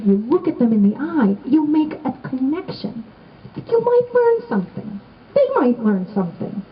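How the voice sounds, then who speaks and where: A middle-aged woman giving a heartfelt remembrance speech to a gathered audience, storytelling with gentle humor. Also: fairly high pitch, highs cut off. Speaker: assistant band director giving a remembrance talk. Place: indoors on the steps of a renovated old building.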